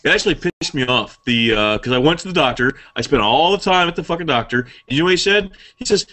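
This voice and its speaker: A man's voice: a little high, expressive, fast talker, hardly any pauses, sharp tone. A man on a casual podcast, telling a long profane story in a rambling way and laughing at himself. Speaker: podcast host.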